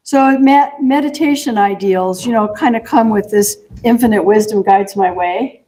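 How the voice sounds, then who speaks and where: Woman minister, unhurried sermon voice, warm and soft, chatty with easy laughs. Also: medium pitch. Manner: gentle, chatty, laughs often. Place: church sanctuary.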